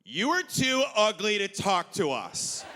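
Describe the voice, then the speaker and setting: A man voicing a rude young woman at a club who yells scornfully, in a reverberant hall. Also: medium pitch, very animated, measured pace, pitched above the performer's own voice. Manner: yelling, indignant.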